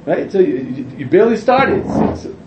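A man teaching a Torah lesson to a class, excitable and full of rhetorical questions, often correcting himself mid-sentence. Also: sits high, normal speed, very noisy.

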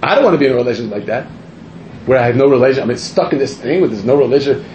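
A man, a rabbi, giving an animated, rambling sermon to a live audience, interrupting himself and rising to near-shouts. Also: medium pitch, racing, slight background noise. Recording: echoey room, muffled sound.

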